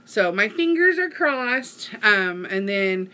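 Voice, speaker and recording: Mom rambling on her vlog, bright voice, lots of ums. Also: mid-range voice, very animated, slow. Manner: rambling storytelling with many fillers. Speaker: vlogger. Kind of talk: casual chat to viewers.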